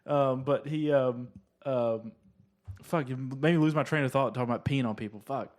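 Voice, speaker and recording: A man in his thirties co-hosting a casual comedy podcast, talking haltingly with many fillers. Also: mid-range voice, a little mellow. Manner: halting, filler-heavy, laughs at his own jokes. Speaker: podcast co-host.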